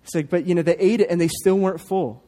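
A man pastor in his thirties gives a sermon with the animated, playful touch of a storyteller. His voice sits a little higher than most men's, and he keeps leaning on quick asides to the congregation.

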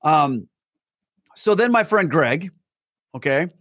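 A man telling a personal story as a podcast guest, animated, acting out the dialogue. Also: a little high, slow pace, no room sound, clean studio sound. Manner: many fillers and restarts.

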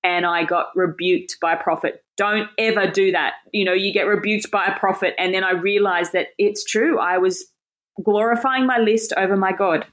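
A woman teaching the Bible in a casual sermon, animated and self-deprecating, laughing often. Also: medium pitch, moderate pace.

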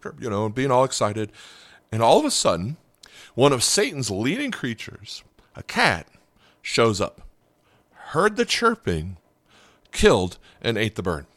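Joking, folksy preacher man, low voice. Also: a bit bright, no echo. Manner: folksy storytelling with jokes and repeated okay and right. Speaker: pastor. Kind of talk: sermon.

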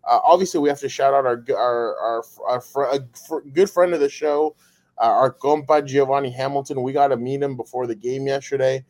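A man's voice: mid-range voice, fairly even intonation, brisk, darkish tone. A man co-hosting a casual sports podcast, chatty and upbeat, often rambling. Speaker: podcast co-host.

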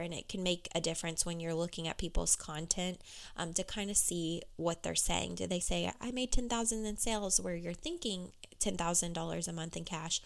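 A young woman who works as a life coach speaks candidly in a casual monologue. Her lowish voice is froggy and hoarse, and she says "you know" and "um" a lot.

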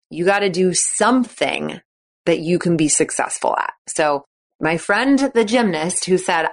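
A woman podcast host coaching athletes in a chatty, encouraging way, often acting out the thoughts she quotes. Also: on the low side. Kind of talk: casual coaching talk.

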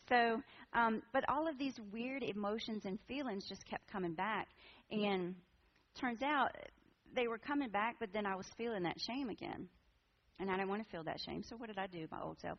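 A woman in her forties shares a personal testimony with a church group, sounding earnest and conversational. Her voice has a gravelly fry to it. The recording is dull and somewhat lo-fi. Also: medium pitch, brisk. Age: 40s. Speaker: women's ministry speaker.

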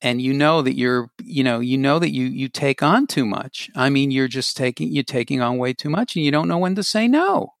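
A man's voice: mid-range voice, expressive, moderate pace, vocal fry, few pauses, no echo, studio quality. A man hosting a casual chat, asking questions with hesitant restarts and a playful manner.

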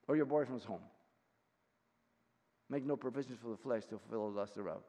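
A man in his sixties teaching a verse-by-verse Bible study as pastor, emphatic, swinging from quiet explanation to loud rebuke. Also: medium pitch, brisk, long pauses. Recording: long reverb of a hall.

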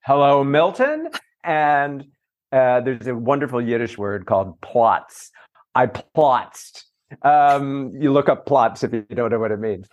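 A middle-aged man, a journalist and author, telling lively, self-mocking stories in a casual interview. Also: medium pitch, measured pace, highs cut off. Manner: animated, self-mocking anecdotes with playful voices. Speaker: entertainment journalist and author, guest.

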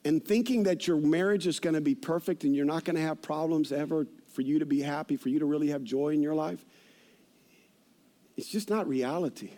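A pastor in his fifties delivers a sermon in a fairly high voice. He tells stories with animated energy and shouts at the punchlines. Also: fairly quick. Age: 50s.

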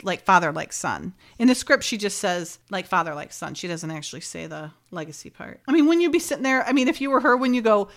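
A woman in casual podcast chat, recapping a TV episode and acting out its dialogue, giggling often. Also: medium pitch. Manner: chatty, acts out dialogue, giggly. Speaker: podcast co-host.

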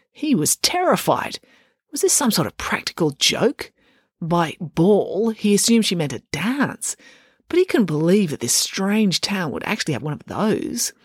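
A woman narrating a children's audiobook in an expressive storytelling manner. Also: fairly low pitch, husky, no room sound, clean studio sound. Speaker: narrator, author.

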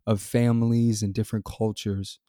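A man hosting a solo podcast, reading news details and then giving his earnest, measured opinion. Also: lowish voice, flat delivery, warm tone, no echo, clean studio sound. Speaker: podcast host. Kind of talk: scripted solo commentary.

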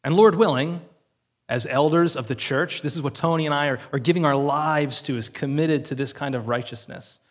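Man preaching, husky, fairly high voice, earnest and conversational, checks in with listeners. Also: normal speed. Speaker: pastor. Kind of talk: sermon.

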